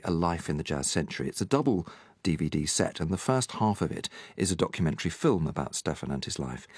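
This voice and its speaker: Deep, husky-voiced radio presenter. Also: male voice, a little mellow, dry recording, studio quality.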